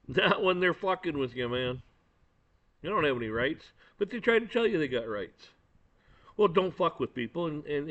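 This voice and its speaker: A man's voice: a little high, a bit bright. Man ranting his opinions, blunt and cursing, on a lo-fi recording. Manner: blunt, profane, angry, repeats words. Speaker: commentator. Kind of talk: opinion rant. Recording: dull lo-fi recording.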